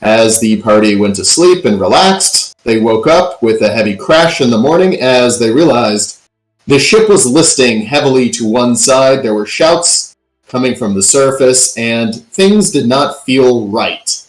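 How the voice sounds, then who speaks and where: A man's voice: medium pitch, lively intonation, a little slow. A man running a tabletop game as game master, narrating the story and recapping with dramatic emphasis and the odd um. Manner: dramatic recaps with filler ums. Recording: roomy echo.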